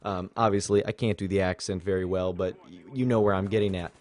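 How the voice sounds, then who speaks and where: A young man talks over his gameplay footage in a loose, rambling way, full of fillers and asides. His voice sits a little low. He sounds like a regular channel host chatting with his viewers. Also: fairly even intonation, fast talker, darkish tone. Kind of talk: gameplay commentary.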